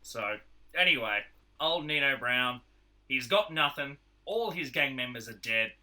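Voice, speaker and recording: Bright-voiced Australian man recapping a film. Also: mid-range voice, measured pace. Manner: animated retelling, acts out characters' lines. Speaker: podcast co-host. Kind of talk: casual film review chat.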